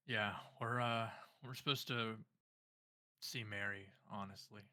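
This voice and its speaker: A man playing a tabletop game in character, talking in a relaxed, hesitant way. His voice is bright and fairly low, recorded dry and close. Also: unhurried, no echo. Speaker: player.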